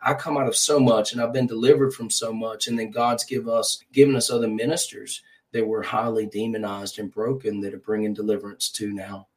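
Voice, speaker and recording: A man's voice: on the low side, fairly even intonation, a little fast, hardly any pauses, rough recording. A man who is a pastor, talking earnestly as a guest in an interview, with a preacher's rhythm and frequent repeated words. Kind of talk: conversational ministry interview.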